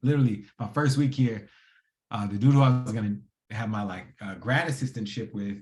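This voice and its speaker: A man in his thirties, a podcast guest telling his story in a lively, casual, slangy way. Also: lowish voice, brisk. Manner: animated, acts out quoted dialogue in a casual slangy way. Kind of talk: conversational storytelling. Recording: roomy echo.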